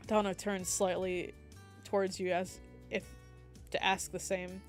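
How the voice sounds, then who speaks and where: A woman's voice: fairly low pitch, measured pace, long pauses, faint music behind. Young woman reading a game aloud. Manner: animated reading with asides and slips. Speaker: game streamer reading a dating sim aloud.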